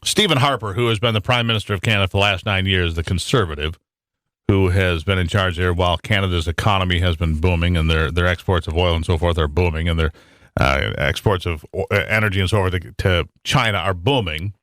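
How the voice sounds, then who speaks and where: Hosting a talk radio show, an American man delivers a rambling monologue peppered with restarts and fillers. His voice sits low with a slightly bright edge, he speaks fairly quickly, and the clean studio sound has no echo.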